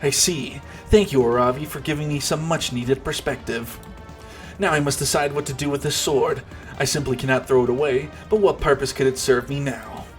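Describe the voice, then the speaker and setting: A bloodthirsty former villain swordswoman mourns her old weapon, voiced by a man. She speaks in lofty, formal phrases at an ordinary middle pitch, with faint music in the background. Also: steady tone, moderate pace, close to an everyday voice. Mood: grateful.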